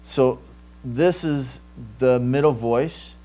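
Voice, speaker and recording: A man's voice: mid-range voice, slow, dark tone. A man teaching a Greek grammar class, explaining patiently and checking in with "right?" often. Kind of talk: classroom lecture. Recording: live stream capture.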